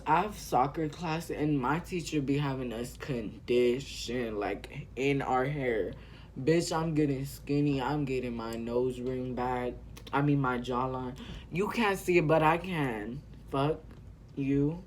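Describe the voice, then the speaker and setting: A man's voice: medium pitch, measured pace, darkish tone, a little hiss or hum. A teenage man from California, telling a rambling story full of profanity while doing his makeup on camera. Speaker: vlogger.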